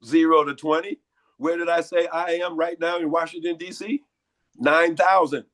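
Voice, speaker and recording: A hoarse, congested man giving lecturing interview answers and firing off repeated rhetorical questions. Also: on the high side, level tone, moderate pace, a bit bright. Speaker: guest.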